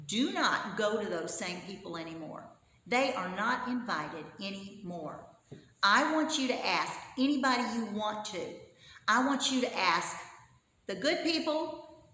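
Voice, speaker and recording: A proud storybook king barking out brisk orders, as a woman puts him on while telling the tale. He talks in a middling voice with a quick push, and the words ring around a big echoey hall with a long tail and a faint hum underneath. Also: mid-range voice, a bit bright. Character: commanding old-time king, man, proud.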